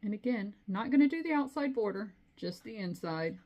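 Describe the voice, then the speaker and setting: Middle-aged woman, cross-stitch vlogger, casual and rambling, average pitch. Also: lively intonation, moderate pace, highs cut off. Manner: chatty, rambling, with frequent asides. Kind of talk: casual chat.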